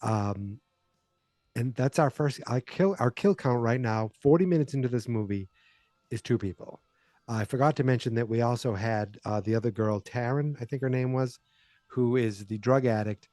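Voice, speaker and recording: A man's voice: mid-range voice, normal speed, dark tone, no room sound, clean studio sound. A man hosting a podcast, giving a chatty, rambling casual recap of a film. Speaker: podcast host.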